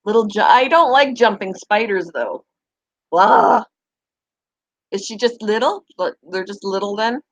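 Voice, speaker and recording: A middle-aged pet vlogger chats casually to the camera about her pets, now and then switching to a sing-song voice to coo at her dog. She speaks a little slowly at medium pitch with long pauses, and the audio has no echo but its highs are cut off.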